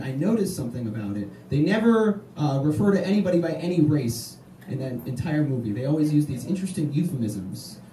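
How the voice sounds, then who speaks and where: A man with a Midwestern accent doing a stand-up set in a small bar, talking in a halting, deadpan, self-deprecating way. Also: fairly high pitch. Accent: Midwestern American. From Kansas, American Midwest. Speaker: stand-up comedian. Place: small bar comedy night. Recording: echoey bar room, distant mic, noisy.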